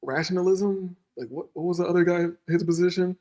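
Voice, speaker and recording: A man's voice: high voice, brisk, warm tone. A man hosting a casual podcast, talking in a loose, slangy way full of fillers. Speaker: podcast host. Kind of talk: casual chat.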